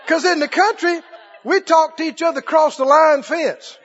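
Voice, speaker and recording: A man preaching a sermon emphatically, repeating phrases and rising into shouts. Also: extremely high pitch, normal speed, a faint crowd. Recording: dull lo-fi recording.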